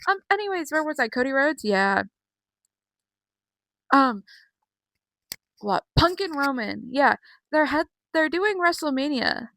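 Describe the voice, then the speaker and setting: Young woman, casual rambling chat, lots of fillers, higher-pitched, dry bedroom recording. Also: animated, unhurried, long pauses, a bit bright, dry recording, rough recording. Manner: chatty, rambling, many fillers and self-quotes. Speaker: wrestling vlogger. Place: her bedroom at home.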